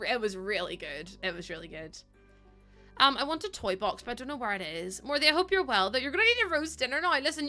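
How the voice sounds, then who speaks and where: Bright chatty woman streamer. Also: mid-range voice. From Ireland. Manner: chatty, laughs often, talks to chat. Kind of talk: casual live-stream chat.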